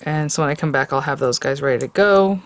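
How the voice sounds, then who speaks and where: A woman's voice: deep voice, quick pace. A woman hosting a card-making tutorial, chatty and rambling, with many fillers and self-corrections. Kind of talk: casual crafting tutorial.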